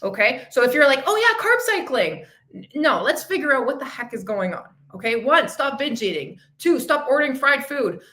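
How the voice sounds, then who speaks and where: A woman's voice: sits high, expressive, a little fast, sharp tone. A woman fitness coach hosting a casual livestream chat, effusive and emotional, laughing often and swearing freely. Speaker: fitness coach and podcast host.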